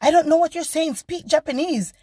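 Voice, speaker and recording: A man's voice: very high voice, a little fast, mellow, no room sound, studio quality, pitched above the performer's own voice. A woman quoting a hostile man driver. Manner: curt, repeating himself. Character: hostile middle-aged male driver, belligerent.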